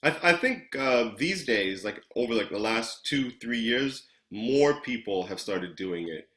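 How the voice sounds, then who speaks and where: A man hosts a relaxed chat, easygoing and affirming, doubling up words as he listens. His voice sits at an ordinary middle pitch. The room around him rings with a noticeable echo. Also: measured pace. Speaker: interview host. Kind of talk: casual interview chat. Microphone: video call.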